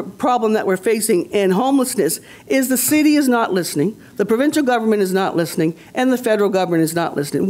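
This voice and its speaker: Her voice on the high side and a little mellow, a Nova Scotian community leader speaks on a conference panel with passion. She is rousing and rhetorical, repeating phrases for emphasis.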